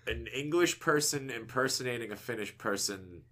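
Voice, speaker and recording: A man's voice: medium pitch, expressive, normal speed, fairly bright tone. A man co-hosting a casual podcast chat, swearing freely and laughing often. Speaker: podcast co-host.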